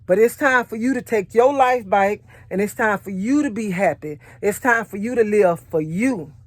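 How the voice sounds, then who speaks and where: A woman's voice: medium pitch, moderate pace, dry recording, clean studio sound. A married woman giving a motivational faith talk, repeating her points earnestly and sharing her own testimony in casual speech. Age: adult, married. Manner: repetitive, earnest, conversational preaching; personal testimony in casual vernacular. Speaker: faith encourager.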